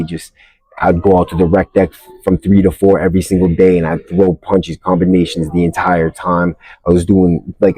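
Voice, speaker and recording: A man's voice: deep voice, dark tone, dry recording, rough recording. A man hosting a podcast, telling a story casually in blunt street slang and calling the listener bro. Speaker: podcast host.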